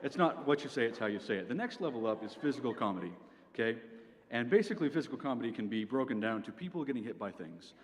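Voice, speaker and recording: A man's voice: mid-range voice, sing-song, fast, background noise. Young man doing stand-up in a reverberant hall. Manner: dry, lecture-like delivery with frequent "okay?" asides. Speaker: stand-up comedian. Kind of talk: stand-up set. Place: university venue with audience. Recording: long hall reverb, faint ambience.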